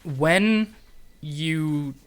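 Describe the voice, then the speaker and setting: A man running a tabletop game as dungeon master, narrating in a relaxed, chatty way with fillers. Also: a little high, drawn-out words.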